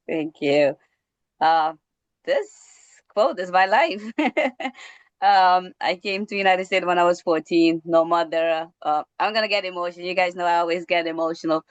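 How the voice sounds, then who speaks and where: A woman with a slightly low voice speaks earnestly as a guest teacher, laughing between phrases. The recording is dry and muffled. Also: unhurried, clean tone, no echo. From Cape Verde.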